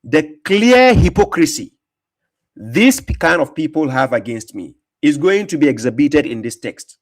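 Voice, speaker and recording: A man with a slightly high voice and big pitch swings speaks at a measured pace. He's hosting a reaction commentary on a video, mocking and emphatic in tone, laughing often and repeating words.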